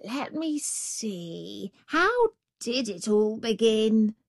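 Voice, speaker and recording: Woman doing a crafty storybook jackal, high whining voice, slow and drawn out, dry sound. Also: very animated, creaky, no room sound, exaggerated voice. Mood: moaning. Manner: drawn-out, whining, mock-bewildered. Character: sly male jackal feigning confusion.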